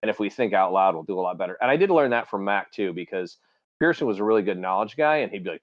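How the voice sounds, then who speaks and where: A man's voice: on the low side, animated, fast talker, highs cut off. A man hosting a podcast, telling army stories in casual, profane chat and acting out the people he quotes. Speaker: podcast host, army veteran.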